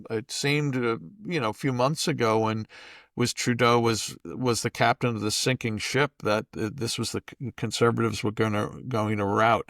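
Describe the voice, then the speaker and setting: A man co-hosting a talk show, chatty and rambling, asking halting questions. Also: mid-range voice, vocal fry, a bit bright, no echo, clean studio sound. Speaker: co-host. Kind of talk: casual interview chat.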